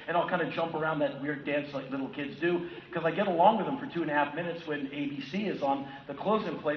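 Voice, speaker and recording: A man in his fifties from the United States giving a keynote talk, telling personal stories in an animated way and acting out other people's voices. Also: fairly high pitch, a little hiss or hum. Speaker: keynote speaker. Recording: echoey hall from far off, dull lo-fi sound with faint ambience.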